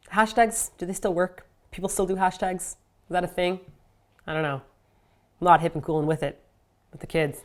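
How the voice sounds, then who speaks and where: A woman in her thirties talking candidly in a personal vlog, open and self-deprecating with small jokes. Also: lowish voice. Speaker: vlogger.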